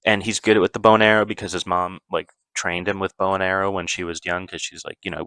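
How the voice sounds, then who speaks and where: A man's voice: low voice, little pitch movement, fast talker, hardly any pauses, bright, forceful tone, clean tone, dry recording. A man casually recapping a movie plot, rambling loosely with lots of fillers and self-corrections.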